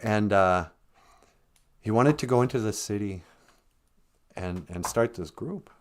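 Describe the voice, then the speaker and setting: A man's voice: on the low side, a little slow. A man from Minnesota, telling a loose, joking, rambling story on a live stream.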